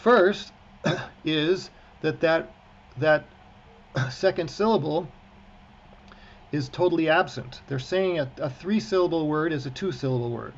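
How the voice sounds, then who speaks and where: Over muffled video-call audio with a faint hiss, a man with a higher-pitched voice teaches prayer-book Hebrew in an online class. He speaks unhurriedly with frequent pauses, encouraging his students while often restarting sentences and using lots of fillers.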